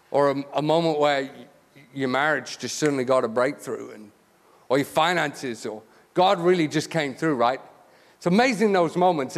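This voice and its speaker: A man giving a lively, joking sermon in a church, talking conversationally with lots of restarts and asides. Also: fairly high pitch. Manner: conversational, joking, many restarts and "you know". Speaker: guest preacher. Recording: long church hall reverb.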